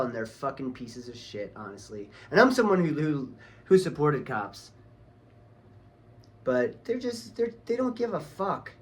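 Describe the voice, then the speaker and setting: Man ranting angrily, swearing. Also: a little high. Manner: profane, heated, ranting. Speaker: vlogger. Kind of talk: angry casual rant.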